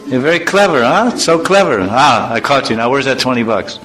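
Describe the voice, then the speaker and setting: A man's voice: mid-range voice, expressive, fairly quick, fairly bright tone, faint music behind, voice pushed up, lightly acted. A man putting on the voice of a suspicious father who teases and scolds his son for taking money from his wallet. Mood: teasing scolding. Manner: teasing, scolding, knowing.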